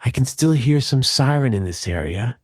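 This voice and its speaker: A man calmly and methodically walking through an audio repair tutorial in voice-over. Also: medium pitch, normal speed, no room sound, studio quality. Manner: calm, methodical explaining. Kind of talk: screen-recorded software tutorial.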